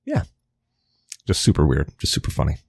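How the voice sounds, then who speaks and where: A man's voice: rumbling low, wildly swooping pitch, a little fast, vocal fry, a little mellow, breathy edge, dry recording, studio quality. A man co-hosting a podcast in rambling, casual chat, swearing now and then, from the New York area. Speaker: podcast co-host.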